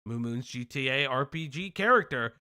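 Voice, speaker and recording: A young man hosting a casual live stream, reading news aloud with animated, profane joking asides. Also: medium pitch, normal speed. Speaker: stream host.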